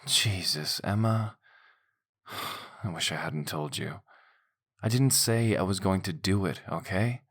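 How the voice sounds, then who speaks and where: A man voicing an easygoing but stubborn young man in an audiobook, talking in a low, blunt, offhand way. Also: slow pace, pauses often, fairly bright tone, exaggerated voice. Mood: defensive.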